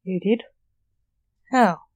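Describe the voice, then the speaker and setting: A woman's voice: mid-range voice, extremely slow, darkish tone, no echo, studio quality. A woman reading the lines of a nervous, squeamish male TV host in a story. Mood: flustered. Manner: flustered and confused.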